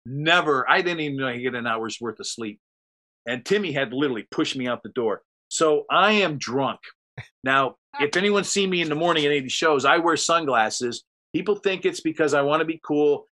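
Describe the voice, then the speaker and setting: This man talks briskly in a slightly high voice, telling a meandering story in relaxed conversation as a storyteller guest. He gets animated, performing the quotes of the people involved.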